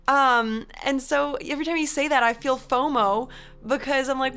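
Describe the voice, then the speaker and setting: A young woman streamer chatting casually with her live chat, rambling and animated, laughing often and reading messages aloud. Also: high-pitched, normal speed. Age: young adult.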